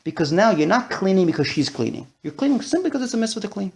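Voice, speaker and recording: A man leads a lively class, with speech that rushes along and a slightly gravelly edge. His pitch sits a bit high and swings widely as he works through his points, and he drops Yiddish and Hebrew words in as he goes. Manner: animated, quick talker with Yiddish and Hebrew terms. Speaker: Torah teacher. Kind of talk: discussion-style class.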